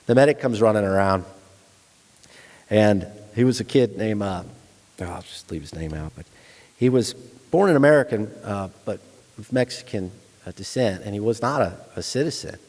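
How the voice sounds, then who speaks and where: A middle-aged man with a lowish voice tells his own war story to a lecture audience. He speaks frankly and conversationally, with blunt soldier humor. His words ring out with the long reverb of a big hall. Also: lively intonation, normal speed, a little mellow. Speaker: guest lecturer, retired Army staff sergeant.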